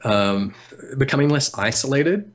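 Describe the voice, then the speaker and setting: An Australian man chatting as a podcast guest, articulating deliberately like a trained voice, with frequent restarts and fillers. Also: medium pitch, lively intonation. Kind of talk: casual podcast chat.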